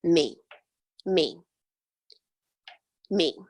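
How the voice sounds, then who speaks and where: A woman's voice: on the low side, extremely slow, breathy edge, no echo. Emphatic woman coaching with repetition. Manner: emphatic, repetitive, chant-like stresses. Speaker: money mindset coach. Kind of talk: motivational teaching call.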